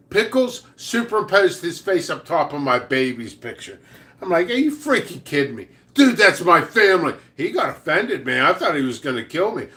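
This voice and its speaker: A middle-aged man with a slightly high voice tells old workplace prank stories in a loose, rambling way. He stammers through restarts, swears casually and chuckles at his own jokes. It sounds like a relaxed, chatty vlog. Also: moderate pace. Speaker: pepper seed channel host.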